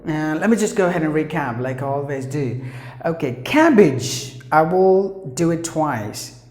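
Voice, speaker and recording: A man teaching English pronunciation in a classroom, saying each word twice, slowly and deliberately. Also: a little high, expressive. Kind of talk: pronunciation lesson. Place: classroom with a board. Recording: echoey room.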